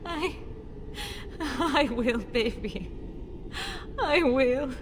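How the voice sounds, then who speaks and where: A woman's voice: high-pitched, animated, drawn-out words, a little hiss or hum, heavily acted. An actress playing a middle-aged noble mother pleading emotionally for her son in a video game. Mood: tender. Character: noble mother, desperate and grieving.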